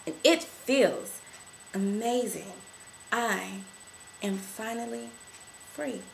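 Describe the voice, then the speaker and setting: A woman giving an emotional testimony to camera, repeating affirmations and rising to shouts. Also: a little high, drawn-out words, vocal fry, slight background noise, poor audio.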